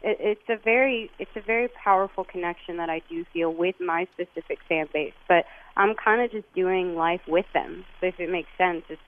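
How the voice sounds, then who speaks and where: A woman's voice: on the low side, moderate pace, few pauses. Woman from Texas on a tinny phone line. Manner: earnest, reflective, restarts her sentences. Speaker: guest interviewee. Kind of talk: phone interview.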